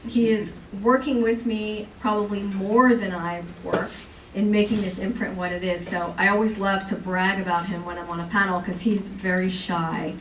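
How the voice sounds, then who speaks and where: A woman's voice: medium pitch, normal speed. A woman on a comics convention panel, chatty and playful as she teases the crowd. She is caught from the audience, far from the mic, with the hall ringing around her. Faint hall noise sits underneath. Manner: lively, joking, chatty with the audience. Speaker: comics editor presenting on a panel. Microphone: recorded from the audience by a far camera.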